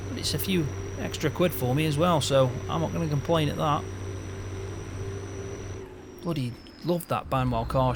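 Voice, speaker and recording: A man's voice: medium pitch, background noise. A man playing a farm hand in a game role-play, chatting to himself and laughing often.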